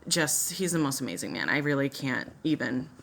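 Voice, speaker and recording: Low, bright-voiced young woman vlogger. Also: sing-song, normal speed, gravelly, slight background noise. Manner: chatty, emotional, many fillers and restarts. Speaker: makeup vlogger. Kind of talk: casual personal storytelling.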